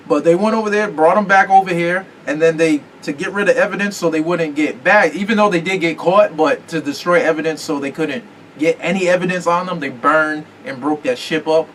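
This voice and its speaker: A man's voice: a little high, fairly bright tone. A man hosting a podcast in casual chat, rambling and profane, often stopping to search for words. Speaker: podcast host. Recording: distant mic with faint room noise.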